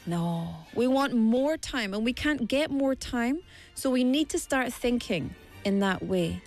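A woman's voice: a little high, expressive, a little slow, darkish tone, soft background music. A middle-aged woman teaching a word-of-the-day lesson in an encouraging, motivational way. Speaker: language teacher.

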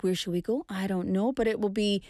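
A woman's voice: medium pitch, a little fast, a little mellow, no room sound, studio quality. A woman hosting a show in a chatty broadcast style, with friendly asides to her listeners. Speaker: radio show host. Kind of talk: casual broadcast chat.

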